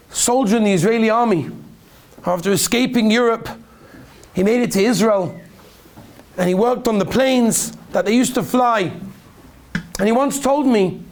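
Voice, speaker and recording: A man, a rabbi, giving a sermon and telling stories feeling, his voice rising and falling. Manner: emotional storytelling, pitch rising and falling widely.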